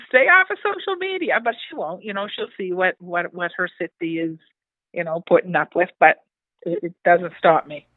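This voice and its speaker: A woman's voice: fairly low pitch, fairly even intonation, moderate pace, dry recording. Older woman, town mayor, earnest and heartfelt, phone-line audio. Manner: earnest, heartfelt, with frequent restarts. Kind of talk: casual interview chat.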